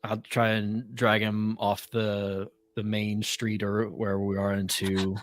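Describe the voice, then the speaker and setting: A man's voice: fairly low pitch, flat delivery, takes it slowly, a little hiss or hum. A man playing a tabletop game, describing his moves hesitantly while thinking aloud. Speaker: player. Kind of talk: casual game talk.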